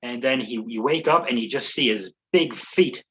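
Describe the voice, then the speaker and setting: A man's voice: mid-range voice, normal speed, fairly bright tone, muffled recording. A male comedian hosting a podcast, rambling through a sarcastic, profane recap of a movie plot.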